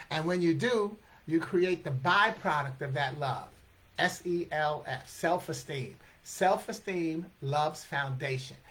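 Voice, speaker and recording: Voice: mid-range voice, fairly bright tone. An author in their sixties giving a motivational talk and reading a poem, talking in an emphatic, repetitive way and laughing often. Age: 60s. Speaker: author and poet.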